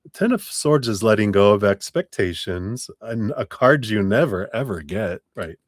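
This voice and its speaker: A man's voice: on the low side, expressive, normal speed, no echo, clean studio sound. A man giving a live-stream tarot reading in a chatty, laughing, rambling way. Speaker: tarot reader. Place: home room with air conditioner.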